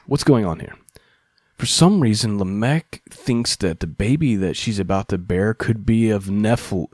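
Deep-voiced man reading ancient text. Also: a little mellow, no echo, studio quality. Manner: earnest reading broken up by loose, joking asides. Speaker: teacher of ancient texts. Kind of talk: reading a translated ancient text aloud with casual commentary.

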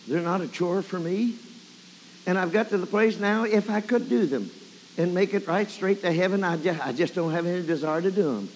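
A man's voice: high voice, moderate pace, a little hiss or hum. A man preaching a sermon, telling a story and breaking into emotional praise. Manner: emotional, exclaiming praise often. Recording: long hall reverb.

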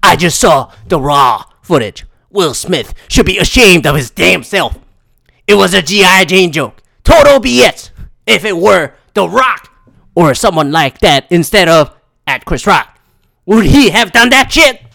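A man's voice: sits high, lively intonation, measured pace, creaky, bright, forceful tone, exaggerated voice. A man doing a ranting male sports pundit. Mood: outraged. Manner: indignant, emphatic preaching.

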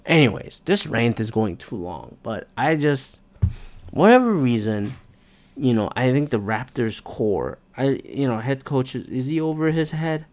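Man, sports podcast host, solo rant, frustrated, profane, loud outbursts. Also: mid-range voice, animated, a little slow.

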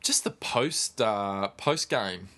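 Chatty, sweary footy podcaster. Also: male voice, lowish voice, lively intonation, takes it slowly, pushed and bright. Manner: chatty, swears freely, storytelling. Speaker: podcast host. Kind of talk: casual sports chat.

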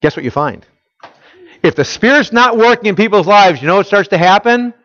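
A man's voice: high voice, expressive, fairly quick, a bit bright, no room sound. A man preaching a sermon, asking the audience questions and filling in the answers himself. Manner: quizzes listeners, fills in his own questions. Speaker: pastor. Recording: dull lo-fi, dry.

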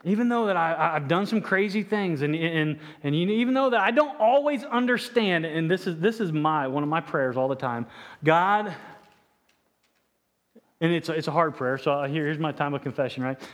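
A man with a high voice preaches an impassioned sermon. He stumbles over his words, repeating and restarting phrases as he pushes his point. His delivery is earnest and driven. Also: moderate pace, fairly bright tone. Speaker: pastor.

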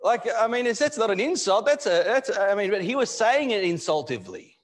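Male pastor, fairly high voice, preaching live in a church with forceful peaks and hushed asides. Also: sing-song, brisk. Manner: impassioned, swinging between loud emphatic bursts and low, quiet asides. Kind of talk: live sermon. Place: church hall.

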